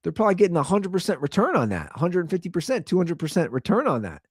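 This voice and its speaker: A man's voice: high voice, very animated, fast talker, breathy edge, no echo, studio quality. A man hosting his own talk show, ranting in a casual way and firing off rhetorical questions. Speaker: podcast host.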